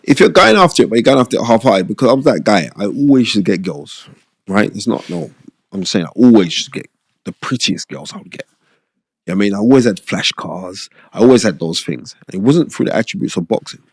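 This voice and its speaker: A middle-aged man with a low, gravelly voice talks through his boxing days in a relaxed interview. He rambles warmly and keeps throwing in "you know what I mean?" The sound is close and dry, with no room around it. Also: a little fast, no echo. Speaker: former boxer, podcast guest. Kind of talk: casual interview storytelling.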